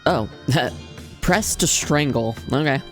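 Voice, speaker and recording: A playful streamer talks through a horror game in a mid-pitched voice, reading the on-screen text aloud. The banter is jokey and bursts into loud shouting now and then. Faint game music plays underneath. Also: slow pace.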